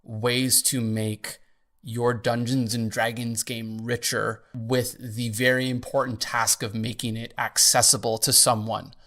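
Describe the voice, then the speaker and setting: A man with a mid-range voice co-hosts a casual podcast. He talks earnestly and works his way through his points, often pausing with "um" and "like." His delivery is relaxed and conversational. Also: medium pitch. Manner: earnest, with fillers. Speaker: podcast co-host.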